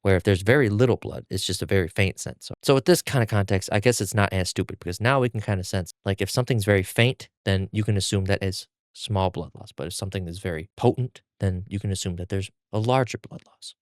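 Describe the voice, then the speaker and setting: A man's voice: sits low, fast, hardly any pauses, no room sound, clean studio sound. A man hosting a podcast, casually recapping a manga chapter in a chatty, giggly way with restarts. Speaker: podcast host. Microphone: podcast mic on a stand.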